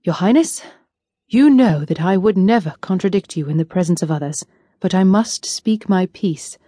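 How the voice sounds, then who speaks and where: A woman playing an urgent, forceful young nobleman pleading with his prince, audiobook. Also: lowish voice, expressive, moderate pace, no room sound, studio quality. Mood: indignant. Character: indignant young nobleman, loyal cousin.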